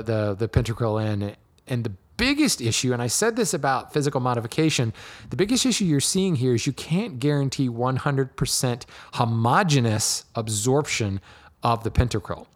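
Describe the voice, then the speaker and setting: A man hosting a show, answering listener questions in a relaxed, explanatory way with frequent ums and restarts. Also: medium pitch. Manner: relaxed, many ums and restarts, laughs lightly. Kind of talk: casual explanatory talk.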